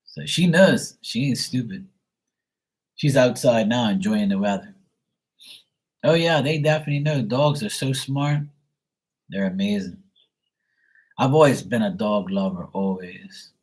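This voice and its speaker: A man's voice: mid-range voice, measured pace, pauses often, darkish tone, rough recording. A man reading tarot on a livestream from home, telling rambling stories in a casual way and swearing freely. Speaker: psychic tarot reader.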